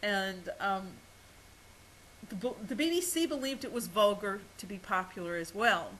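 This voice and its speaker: A woman's voice: mid-range voice, a little slow, fairly bright tone, a little hiss or hum, rough recording. A woman giving a recorded college lecture, hesitant, with many ums and restarts and small laughs at herself.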